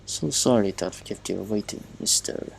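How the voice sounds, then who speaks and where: A man voicing a pleasant, cultured man in a trench coat, speaking with a put-on Russian accent in a courteous, unhurried way. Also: fairly low pitch, creaky, a little hiss or hum, low-quality recording.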